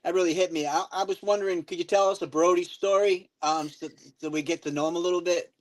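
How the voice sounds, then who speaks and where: A man calling into a radio show, speaking hesitantly with pauses and ums. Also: high-pitched, steady tone. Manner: hesitant, many ums and restarts. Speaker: caller. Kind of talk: casual phone chat.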